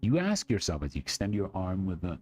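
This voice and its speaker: A man's voice: low-pitched, wildly swooping pitch, fairly quick, darkish tone, slightly rough, soft background music. A man streaming, reading a text game aloud dramatically with casual asides.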